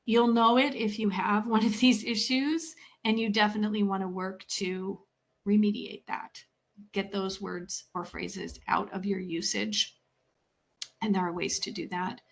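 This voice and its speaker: A woman gives a talk as a communication skills coach. She speaks at a measured, deliberate pace and stresses key words. Her voice sits at a middle pitch, and she takes each teaching point in turn. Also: steady tone. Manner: measured and deliberate, with clear emphasis and pauses; instructive, lists points one by one. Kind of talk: professional talk to a meeting.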